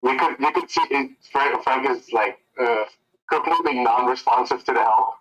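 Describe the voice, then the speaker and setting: A man narrating as game master of a tabletop game, telling the scene in a casual, relaxed way. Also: medium pitch, moderate pace, dull audio.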